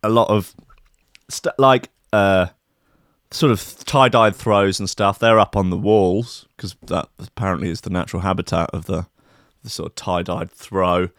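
A man's voice: sits low, steady tone, normal speed, a bit bright, no room sound, clean studio sound. A man telling a comic anecdote in a wry, rambling, sarcastic way. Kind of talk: comic storytelling monologue.

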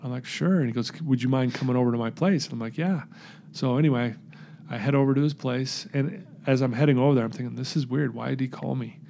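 Male guest, earnest storyteller, dark gravelly tone, voices each person in his tale. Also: mid-range voice, fast talker. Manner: recounts events by acting out quoted dialogue; earnest, emotional. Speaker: podcast guest.

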